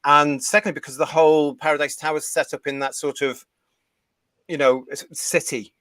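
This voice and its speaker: A man's voice: fairly high pitch, little pitch movement, normal speed, a bit bright, no echo. A man from the United Kingdom hosting a live fan review show, reading viewer comments and ranting with strong opinions.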